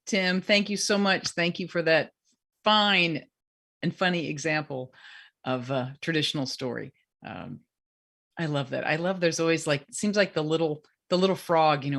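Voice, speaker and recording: Woman, low pitch, casual chatty host, upbeat, loose fillers. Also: fairly bright tone. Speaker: host of an open mic. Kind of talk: casual hosting.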